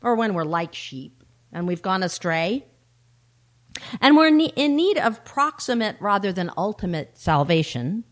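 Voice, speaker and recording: A middle-aged woman minister preaching a sermon, slow and unhurried. She tells a story with a wry, earnest manner and an even, middle pitch. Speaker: minister and law enforcement chaplain.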